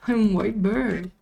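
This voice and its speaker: A young woman with a non-native English accent hosting her gaming channel, giving casual gameplay commentary and squealing excitedly when things go wrong. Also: medium pitch, creaky. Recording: music playing behind the voice.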